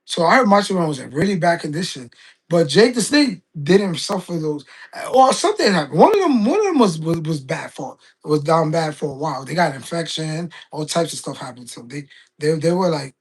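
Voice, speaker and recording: A man's voice: fairly high pitch, expressive, brisk, husky. A man, chatting casually on a live stream and rambling through stories full of fillers and restarts. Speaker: game streamer.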